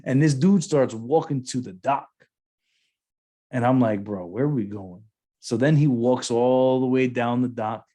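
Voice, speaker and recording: A young man with a mid-pitched voice hosts a relaxed podcast, talking like he's with a close buddy. His storytelling is loose and animated, with plenty of slang and "bro" thrown in. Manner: casual, says bro a lot, animated storytelling. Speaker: podcast host, former Marine sergeant. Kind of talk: casual podcast chat, storytelling.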